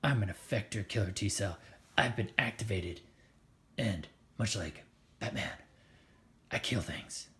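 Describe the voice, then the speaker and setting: A man doing a gruff low killer T cell. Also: a little slow, pauses often, bright, forceful tone. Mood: grim. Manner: low gruff hero growl. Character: tough grim male killer T cell.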